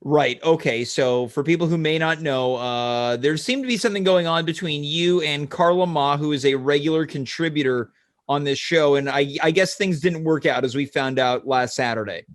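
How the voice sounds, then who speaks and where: A man hosting a comedy talk show, asking earnest questions in a deadpan way. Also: fairly high pitch, moderate pace. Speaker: host.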